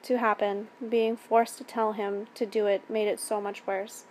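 A woman's voice: medium pitch, flat delivery, unhurried, darkish tone, a little hiss or hum. Woman narrating a first-person story.

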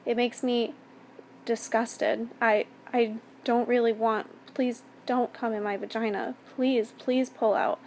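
A frightened young woman who pleads and stammers, her voice pushed higher and louder, as a woman reading the story acts her out. Her phrases break off and restart, with faint background noise under them. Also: flat delivery, takes it slowly. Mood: frightened pleading.

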